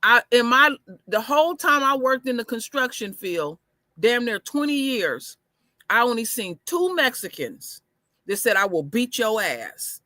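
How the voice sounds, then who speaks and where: Woman co-host, bright forceful voice, high-ish, storytelling, cuts in often. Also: sing-song, unhurried, dry recording. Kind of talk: casual opinion talk.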